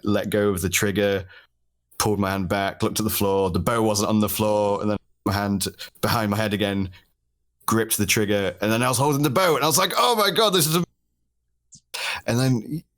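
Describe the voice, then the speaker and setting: A young British man chatting casually as a podcast guest, telling lively stories with frequent laughs and casual swearing. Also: fairly low pitch. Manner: animated storyteller, laughs often, swears casually. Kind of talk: casual conversation.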